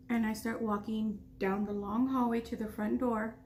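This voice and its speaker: A chatty woman in her thirties tells a story between bites, her voice a touch high. She talks casually with food in her mouth, and a faint hum sits behind her. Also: level tone, normal speed, darkish tone. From United States. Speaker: vlogger.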